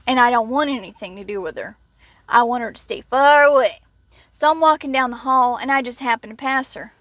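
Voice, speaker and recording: Blunt, indignant woman with a high voice. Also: a bit bright, dry recording. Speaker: vlogger. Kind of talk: casual storytelling rant.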